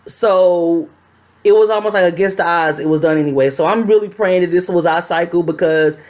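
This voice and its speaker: A young adult woman telling a personal story to her camera in a chatty, animated way. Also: on the low side, a little fast. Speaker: vlogger.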